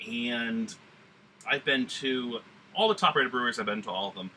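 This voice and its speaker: A man's voice: medium pitch, normal speed, bright, forceful tone, a little hiss or hum. A man talking in a put-on Southern drawl, reviewing a beer in a casual, rambling way with lots of fillers and some blunt swearing. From New England.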